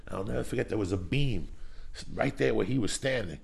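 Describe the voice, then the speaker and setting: Gravelly, husky-voiced man telling stories. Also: lowish voice, fairly quick. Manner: profane, rambling storyteller. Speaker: podcast host. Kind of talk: casual storytelling chat.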